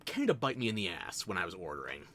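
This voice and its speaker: An American man with a New Jersey accent rambles through casual stream chat, his pitch swinging up and down in a lively way. He tells self-mocking stories into a desk microphone and keeps breaking into laughs. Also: quick pace. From United States.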